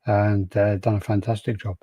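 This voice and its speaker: A man's voice: on the low side, little pitch movement, normal speed, no room sound, lo-fi sound. A man hosting a podcast in easygoing chat, greeting viewers and reading out their comments. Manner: laid-back, reads out viewer names and comments. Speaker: podcast host. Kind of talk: casual chat. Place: podcast studio.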